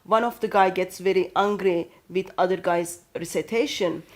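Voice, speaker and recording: A woman with a Turkish accent who speaks English as a second language, talking carefully with frequent pauses and self-corrections. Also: on the low side, steady tone. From Turkey. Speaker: co-host. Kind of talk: apologetics discussion.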